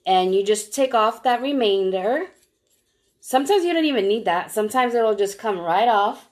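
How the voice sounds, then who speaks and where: A woman's voice: fairly high pitch, animated, moderate pace, a little mellow. A woman selling nail polish strips, walking viewers step by step through applying them on a live stream and greeting them by name as she goes. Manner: chatty, walks viewers through each step. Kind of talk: live-stream product demo.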